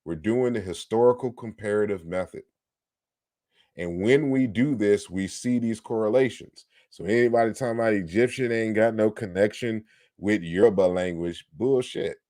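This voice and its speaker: A man's voice: lowish voice, darkish tone, no echo, clean studio sound. A man giving an online lecture on word comparisons, explaining patiently and turning combative toward critics. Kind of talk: online lecture on historical linguistics.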